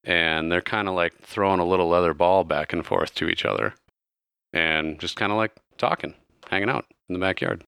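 A man's voice: sits low, moderate pace, vocal fry, a bit bright, clear, resonant tone, no echo, studio quality. A man narrating a tabletop game as game master in a casual, loose way, with plenty of fillers.

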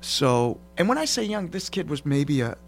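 A middle-aged man hosting a casual talk show, telling stories in a lively way. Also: fairly high pitch, normal speed, faint music behind. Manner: lively storyteller, laughs while telling. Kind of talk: casual podcast chat.

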